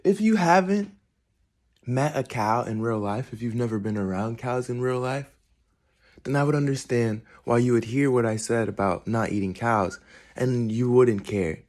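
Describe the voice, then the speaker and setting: A young man talks straight to camera from his kitchen in a loose, rambling monologue. His voice sits in an ordinary middle pitch, and he swears offhandedly and stumbles over restarts as he works through a thought. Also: normal speed, a little mellow. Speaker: vlogger.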